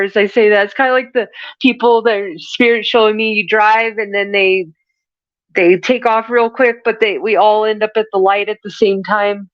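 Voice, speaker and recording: A woman delivers a spiritual reading to her listeners in an earnest, preachy way, often circling back and restarting her sentences. Her voice sits at an ordinary middle pitch. The sound is dry and a little muffled. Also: no echo. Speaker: spiritual reader and podcast host. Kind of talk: channeled spiritual message monologue.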